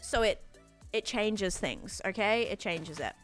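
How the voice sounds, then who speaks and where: A woman's voice: mid-range voice, moderate pace, fairly bright tone, soft background music. A woman from Sydney with an Australian accent, chatting casually with viewers during a game stream and answering chat in a rambling way.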